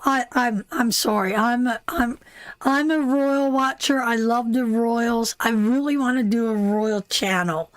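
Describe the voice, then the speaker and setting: A woman from Canada hosts a live tarot stream in a high, unhurried voice. She rambles warmly between topics and keeps calling her viewers darling. The sound is dry and close, with no room around it. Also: dry recording. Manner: chatty and rambling, calls viewers darling and sweetheart. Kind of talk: casual live-stream chat.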